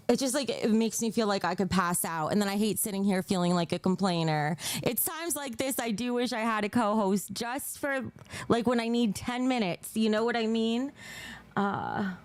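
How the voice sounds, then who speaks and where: A woman chats on a livestream while she feels sick, sighing, apologizing and swearing. Her voice sits a little high and sounds smooth and clear, caught dry and close on the mic. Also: moderate pace, no room sound. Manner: rambling, apologetic, swears, breaks into awkward giggles. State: nauseous and unwell, sighing. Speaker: livestreamer reading chat donations. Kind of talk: casual livestream chat.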